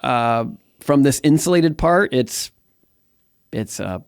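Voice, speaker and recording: A man's voice: mid-range voice, expressive, slow pace, clear, resonant tone, dry recording, clean studio sound. A middle-aged man from the United States telling his life story as an interview guest, candid and rambling, with many fillers and restarts. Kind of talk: personal testimony in conversation.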